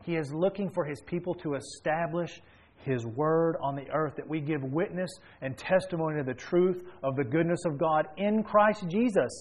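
A man preaching, his voice sitting a little high for a man. He tells a story within his sermon, dropping to a hush and then rising to emphatic exhortation. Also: fairly quick, rough recording. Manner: swings between soft and loud, emphatic.

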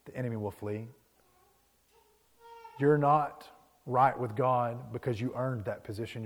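A man preaching a sermon as a pastor, telling a story in a lively, conversational way and checking in with the congregation. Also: mid-range voice. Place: church sanctuary. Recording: long hall reverb.

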